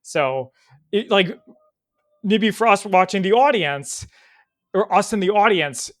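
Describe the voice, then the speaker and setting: A man co-hosting a podcast in casual chat, thinking aloud with lots of "like" fillers and an animated manner. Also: high-pitched, takes it slowly. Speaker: podcast co-host.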